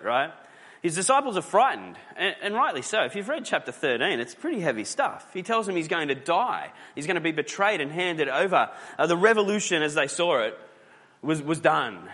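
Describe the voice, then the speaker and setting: A man's voice: mid-range voice, pushed and bright, in a large hall. A man preaching a sermon as pastor, talking conversationally and telling stories, with many fillers and restarts.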